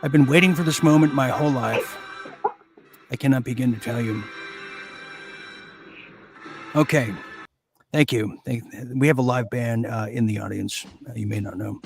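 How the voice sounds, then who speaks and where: A man hosting a mock quiz show, joking in a hammy, deadpan way with lots of fillers and pauses. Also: medium pitch, vocal fry, soft background music. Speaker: game show host.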